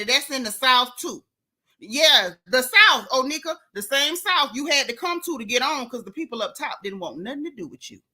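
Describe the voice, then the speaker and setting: A sassy woman hosting a gossip vlog, scolding her target with one rhetorical question after another. Her voice sits a little high and swings widely up and down. The tone is bright and sharp. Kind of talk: casual gossip commentary.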